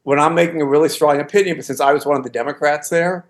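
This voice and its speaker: A man in his sixties with a slightly high voice talks fast and steadily as he recounts tales from his days as a political staffer. The podcast conversation is casual, and he often begins sentences again.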